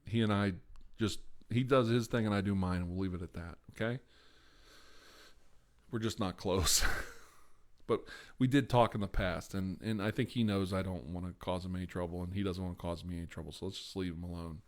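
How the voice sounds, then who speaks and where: A man with a fairly low voice hosts a live ASMR stream, talking casually to his viewers. He rambles from one thing to the next, often breaking into laughs and sighs. He sits close to the mic. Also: steady tone, brisk.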